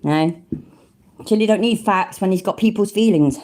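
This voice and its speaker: A woman's voice: medium pitch, moderate pace, a little mellow. A woman with a British accent giving live reaction commentary, blunt, sweary and full of slang. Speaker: livestream commentator.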